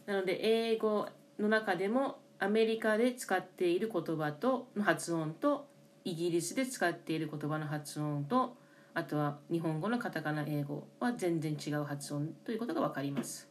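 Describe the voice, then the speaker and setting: Brisk Japanese woman explaining words. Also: lowish voice, a little hiss or hum. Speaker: co-host and Japanese interpreter. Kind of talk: casual bilingual language lesson.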